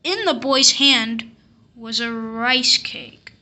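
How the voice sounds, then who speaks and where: Slow, bright-voiced woman reading a storybook. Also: a little high. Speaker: storybook reader. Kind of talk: reading a picture book aloud.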